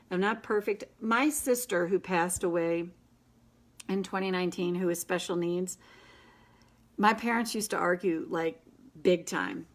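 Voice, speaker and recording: A woman hosting a casual live session, coaching a group in an earnest, gentle and encouraging way, with quick asides. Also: on the low side. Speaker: inner child tapping coach, host.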